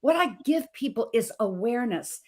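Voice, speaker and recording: On a talk show, a health coach from Montana, a woman in her thirties, recounts an emotional personal story as a guest. Her high-leaning voice is expressive and moves at normal speed, and she speaks with passion, emphasis, and repeated phrases.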